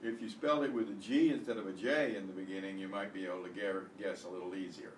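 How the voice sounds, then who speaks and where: A man teaching an online beginner language lesson, repeating words slowly with exaggerated pronunciation. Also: low-pitched, fairly even intonation. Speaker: Spanish teacher. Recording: echoey room, distant mic, faint hiss.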